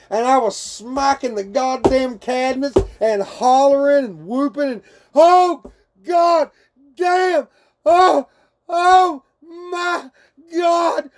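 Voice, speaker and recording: A man's voice: high voice, darkish tone. A man talking casually and crudely on a live stream from his bedroom, laughing often and calling people man and dude as he answers viewer chat.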